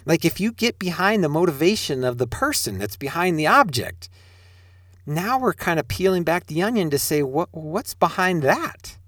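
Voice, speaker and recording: Middle-aged male preacher, animated delivery, rhetorical questions, dry close sound. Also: a little high, normal speed, dry recording. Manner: rhetorical questions, addresses listeners directly. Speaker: spiritual teacher. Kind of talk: sermon-style talk.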